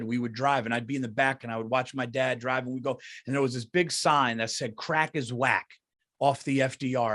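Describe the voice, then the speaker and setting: A man's voice: mid-range voice, fairly bright tone. A middle-aged man, hosting a comedy podcast in a heated, profane, repetitive rant. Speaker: podcast host.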